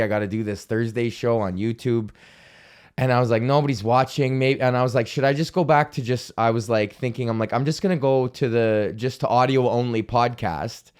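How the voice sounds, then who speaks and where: A man's voice: mid-range voice, clear, resonant tone. A young man hosting a solo comedy podcast, ranting in a profane, rambling, self-deprecating way. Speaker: podcast host.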